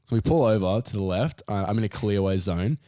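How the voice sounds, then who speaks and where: A young Australian man casually telling a story on a podcast, animated, his voice jumping high as he retells his panic. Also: a little fast, no echo, clean studio sound. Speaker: podcast co-host.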